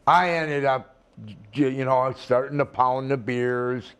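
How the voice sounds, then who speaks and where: A man's voice: medium pitch, fairly even intonation, takes it slowly, a bit bright, smooth. An older man, a retired wrestler, telling a rambling, profane story in a casual interview. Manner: rambling, profane, acts out the people in his stories.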